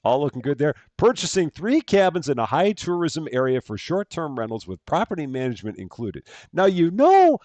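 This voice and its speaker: A man's voice: mid-range voice, expressive, fairly quick, hardly any pauses, darkish tone, no room sound. A man chatting casually as he live-streams a game at home, thanking viewers by name and laughing at himself. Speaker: streamer playing a bank simulator game.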